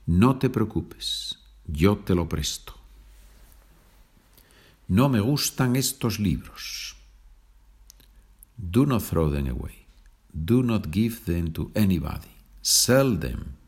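Brief Male podcast language teacher, deep husky voice, patient and chatty. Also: darkish tone. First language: Spanish. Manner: slow deliberate example sentences, chatty asides ending in "okay?".

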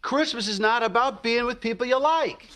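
A man's voice: extremely high pitch, normal speed, a bit bright. An actor playing a matter-of-fact sitcom dad lecturing his son, heard in a noisy clip from a TV show.

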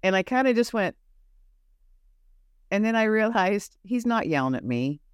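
This woman's mid-range voice swings widely in pitch and sounds smooth as she tells faith-centered personal stories at a moderate pace. Earnest and searching, she often repeats herself while reaching for the right phrasing, captured in clean studio sound with no room tone.

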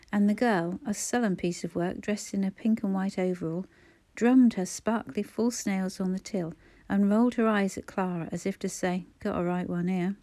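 Woman narrating a story in a mellow voice. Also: mid-range voice. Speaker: audiobook narrator. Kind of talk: scripted narration.

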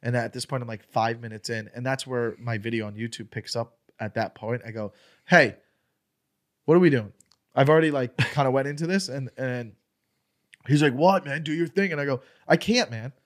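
A man's voice: medium pitch, brisk. A young adult man, a stand-up comedian, telling a story in casual chat with lots of swearing, acting out the quotes in a raised voice. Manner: profane, animated, acts out quotes in raised voice. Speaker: stand-up comedian, podcast guest.

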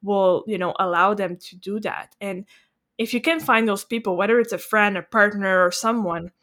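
A woman's voice: medium pitch, normal speed, fairly bright tone. A woman hosting a casual podcast chat, affirming her guest and chatty, with playful asides. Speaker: podcast host, coach.

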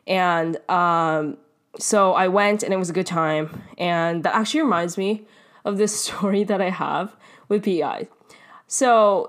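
A young Canadian woman with a slightly low voice hosts her own podcast, chatting freely about her life. She rambles off on asides, laughs as she goes and swears casually. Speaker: podcast host. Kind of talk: casual solo podcast storytelling.

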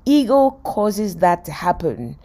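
Woman, lowish voice, self-help podcast host, animated storyteller. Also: takes it slowly. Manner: lively storyteller who acts out quotes and laughs. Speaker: podcast host teaching life lessons. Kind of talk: motivational talk retelling a sitcom scene.

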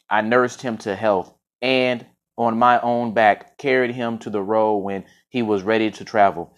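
A man playing a calm, wise golden deer. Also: on the low side, natural voice.

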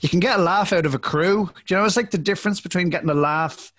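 A young man in casual podcast talk, pitched a touch high. He rambles and restarts his thoughts, heard close and dry with no room sound. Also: quick pace, a bit bright, dry recording. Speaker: podcast co-host, actor. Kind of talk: casual chat.

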